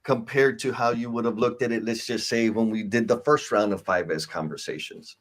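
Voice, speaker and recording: A man's voice: lowish voice, normal speed. Upbeat man hosting a livestream. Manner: upbeat, loose and chatty. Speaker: livestream host. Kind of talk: casual livestream chat.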